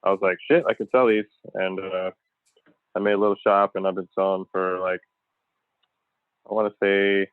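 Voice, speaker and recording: A man's voice: low-pitched, flat delivery, normal speed, pauses often, clean tone, no room sound. A man joining a podcast as a guest over a remote call, chatting casually in a loose, rambling way and swearing freely. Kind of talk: casual chat. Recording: tinny phone-like call line.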